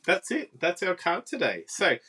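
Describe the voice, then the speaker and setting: A woman's voice: lowish voice, wildly swooping pitch, moderate pace, fairly bright tone, husky. A woman giving a casual, chatty live card-making demonstration and talking with viewers. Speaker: papercraft demonstrator.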